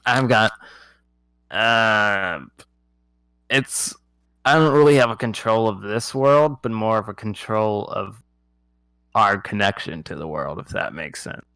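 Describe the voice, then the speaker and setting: A man's voice: on the low side, lively intonation, takes it slowly, long pauses, bright, forceful tone, clear, resonant tone, dry recording. A man narrating a tabletop game as game master in a laid-back, playful way.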